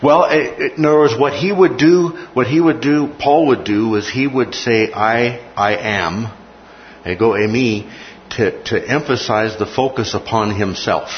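A man's voice: medium pitch, normal speed. A man teaching a Bible class in a classroom lecture, often repeating key phrases and checking in with "okay?". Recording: muffled recording with faint noise.

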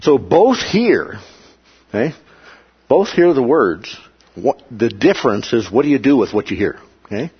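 A man with a husky, slightly rough voice teaches a Bible study in a plain, measured manner and pauses often to check that his listeners follow. The recording sounds dull and lo-fi. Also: mid-range voice, sing-song.

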